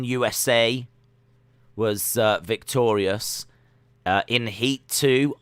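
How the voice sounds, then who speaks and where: A man's voice: mid-range voice, fairly bright tone, smooth, dry recording. A man hosting a casual live watch-along stream, chatting and reading search results and chat messages aloud.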